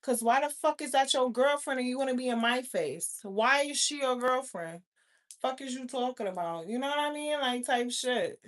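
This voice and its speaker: A woman's voice: sits high, normal speed. A woman vlogger, ranting bluntly to her viewers with lots of cursing and scolding. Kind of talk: casual rant to camera.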